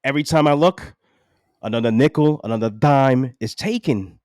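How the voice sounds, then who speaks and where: A man's voice: medium pitch, moderate pace, darkish tone, no echo, studio quality. A New man in his forties ranting profanely and with exasperation as a podcast co-host. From New York City. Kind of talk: casual chat.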